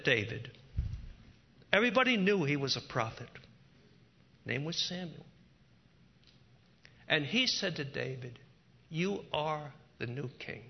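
A man preaching a sermon slowly and emphatically, rising in pitch and force as he tells a story. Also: gravelly. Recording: dull lo-fi sermon recording.

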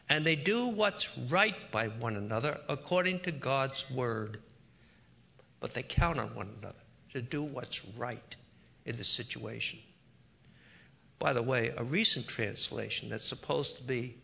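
A man preaching a sermon slowly and emphatically, rising in pitch and force as he tells a story. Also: creaky. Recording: dull lo-fi sermon recording.

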